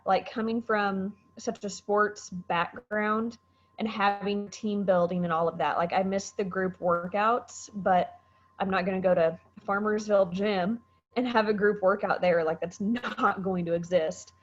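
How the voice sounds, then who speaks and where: A woman's voice: mid-range voice, muffled recording. A woman sharing on a casual group video call, chatty and laughing, using "like" a lot. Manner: chatty and laughing, heavy use of "like". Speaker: team member sharing on a call.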